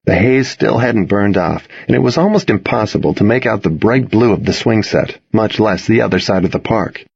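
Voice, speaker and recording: Male first-person audiobook reader, low husky voice, dull dry recording. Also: moderate pace, dry recording. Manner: earnest, expressive dialogue reading. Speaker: audiobook narrator.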